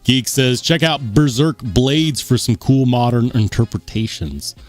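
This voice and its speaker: A man's voice: mid-range voice, expressive, a little slow, faint music behind. A man hosting a live stream in casual chat, reading viewer comments aloud and reacting in an upbeat, rambling way. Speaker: livestream host.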